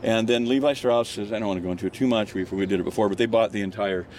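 A man's voice: lowish voice, fairly even intonation, racing, darkish tone, a little hiss or hum. An older man telling a rambling story while walking outdoors on a hillside, full of fillers and restarts. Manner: rambling, many restarts and fillers, laughs often. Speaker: guest storyteller. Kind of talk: casual storytelling on a walk.

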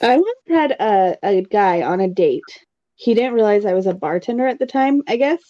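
A woman telling a relaxed anecdote in casual chat as a co-host. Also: medium pitch, moderate pace, no room sound, highs cut off.

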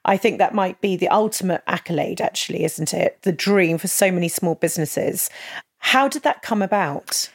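A woman's voice: fairly low pitch, moderate pace, vocal fry. A woman hosting a business podcast, asking questions in an encouraging, affirming way. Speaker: podcast host. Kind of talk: interview.

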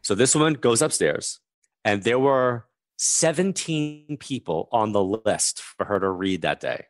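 A man's voice: lowish voice, expressive, a little slow, no echo, clean studio sound. A man in his fifties, a guest telling a story in conversation and acting out the voices of the people in it.

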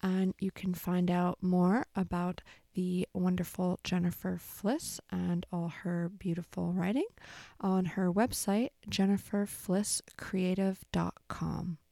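A woman host reading a short story aloud in clear, scripted narration. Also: lowish voice, little pitch movement, slow, mellow, dry recording.

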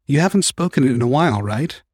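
A man voicing a middle-aged otter mother who speaks softly and with concern for her son. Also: mid-range voice, animated, fast, breathy edge, no echo, studio quality. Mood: caring. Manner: soft, concerned.

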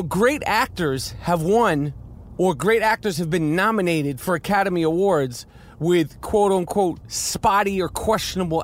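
Rambling, profane man with a high voice. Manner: rambling, profane and fiery, with many restarts. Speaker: podcast host and actor reviewing a film. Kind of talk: casual spoken film review while walking outdoors. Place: city street outdoors.

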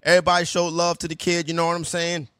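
A man's voice: fairly high pitch, monotone, fast talker, a bit bright, smooth, no echo, clean studio sound. A man hosting a sports radio show, chatting casually in a loose, slangy way.

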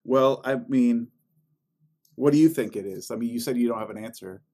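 A man's voice: mid-range voice, moderate pace, dark tone. Easygoing man musing in casual chat. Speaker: podcast co-host.

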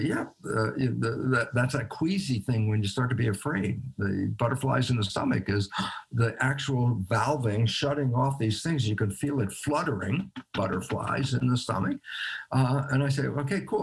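A man's voice: medium pitch, normal speed, gravelly, husky. A man, a guest scientist in a conversational interview, explaining by acting out both sides of a dialogue and chuckling between phrases.

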